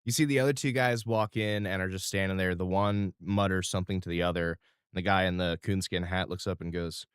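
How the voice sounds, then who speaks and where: A man's voice: deep voice, steady tone, a little fast, smooth, no echo, studio quality. A man narrating as game master of a tabletop game, describing scenes casually with filler words.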